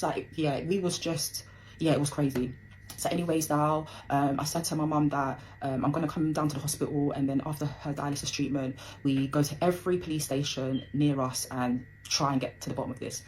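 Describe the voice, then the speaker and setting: A woman's voice: low voice, steady tone, a little mellow, slight background noise, rough recording. A young woman telling a personal story in a casual, emotional rush, full of fillers. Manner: emotional, fast, breathless retelling with many fillers.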